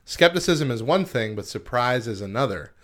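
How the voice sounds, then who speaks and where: A morning radio co-host with a medium-pitched, fairly bright, animated voice speaks at a moderate pace. He alternates between reading news and articles aloud and loose, laugh-filled banter.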